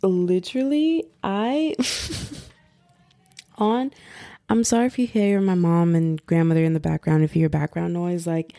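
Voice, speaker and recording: A woman's voice: on the low side, fairly even intonation, brisk, creaky, few pauses, warm tone, no echo, clean studio sound. A young woman hosting a podcast from home, chatting casually and rambling with lots of fillers. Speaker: podcast host. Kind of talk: casual chat. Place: at home, household noise possible.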